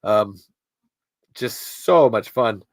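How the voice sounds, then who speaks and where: A trans podcast host chatting casually on a livestream and reading comments, speaking in a halting, personal and emotional way. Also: mid-range voice, expressive, dry recording.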